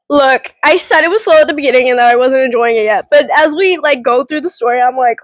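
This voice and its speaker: A young woman reviewing books on her home vlog, talking casually and gushing with excitement, full of fillers. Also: high-pitched, fast talker, hardly any pauses, rough recording. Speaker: book vlogger. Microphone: camera in front of her.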